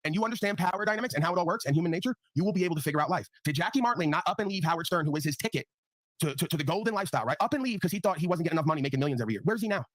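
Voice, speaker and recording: Fast-talking, profane man hosting a panel. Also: fairly high pitch, expressive, a bit bright, dry recording. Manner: blunt, profane, repeats tag questions. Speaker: livestream panel host. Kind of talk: casual ranting talk.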